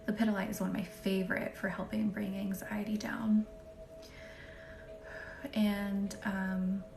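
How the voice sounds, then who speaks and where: A woman hosting a live healing stream, speaking softly and often half-whispering as she greets viewers by name and guides them to relax. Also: mid-range voice. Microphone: phone or webcam for live stream. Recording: roomy room with faint music.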